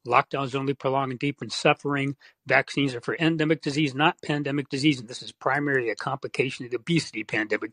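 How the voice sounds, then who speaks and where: Blunt, husky-voiced male guest. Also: mid-range voice, fast, hardly any pauses, a bit bright, dry recording. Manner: blunt, lists points firmly. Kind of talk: opinionated conversation.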